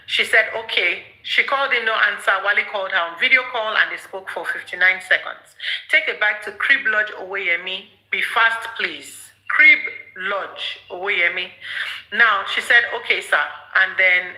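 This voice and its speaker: A woman's voice: medium pitch, normal speed, bright, forceful tone, roomy sound, poor audio. A woman hosting a live chat, explaining firmly step by step. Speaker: live stream host. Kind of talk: casual live chat discussion.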